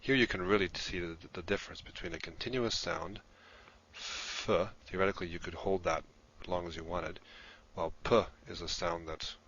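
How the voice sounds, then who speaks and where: A man's voice: low voice, pushed and bright, slightly rough, highs cut off. A man giving a recorded lesson, explaining patiently step by step while he writes things down. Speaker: instructor in a played lesson video.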